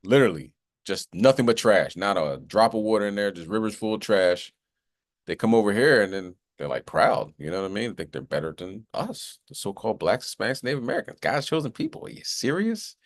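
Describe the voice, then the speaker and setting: A man's voice: on the low side, big pitch swings, fairly quick, no room sound, clean studio sound. A man hosting a show, rambling casually in slang and often saying "you know what I mean.". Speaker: host. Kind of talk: casual commentary.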